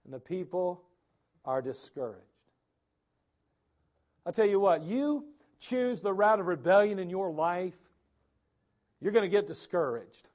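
A man preaching a sermon as pastor, animated and acting out the people's words. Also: high voice, a little slow, long pauses.

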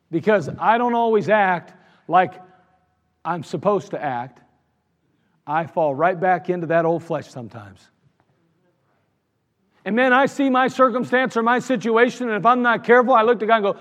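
Pastor guy preaching, earnest, hammers words by saying them over, kinda high voice, church echo. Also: lively intonation, moderate pace. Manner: earnest, emphatic, repeats phrases for stress. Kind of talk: sermon. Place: church sanctuary. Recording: reverberant church sanctuary.

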